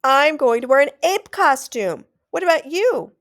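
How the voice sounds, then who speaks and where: A woman reading aloud, voicing an eager, friendly schoolboy who talks excitedly. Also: high voice, unhurried, voice pushed up, heavily acted. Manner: excited and chatty.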